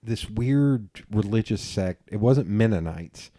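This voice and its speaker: A man hosting a podcast, telling stories in a casual, animated way, swearing freely and laughing at himself. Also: fairly low pitch, unhurried, no room sound, studio quality. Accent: regional accent he remarks on himself. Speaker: podcast host. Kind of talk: casual conversation.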